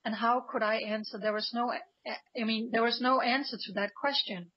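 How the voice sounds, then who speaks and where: A woman from Denmark speaks in a fairly high voice, earnest and emphatic, often restarting her sentences. The audio is dull and lo-fi, like a radio call-in line. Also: fairly even intonation, normal speed, husky. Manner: passionate, emphatic, many restarts. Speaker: guest, pro-Israel activist.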